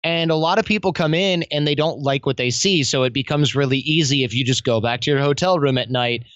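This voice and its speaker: A man talking as a guest in a casual podcast interview, telling stories in a lively, slangy way. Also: mid-range voice, fairly quick, dry recording, lo-fi sound. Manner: animated, slangy storytelling. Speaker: podcast guest, self-development coach.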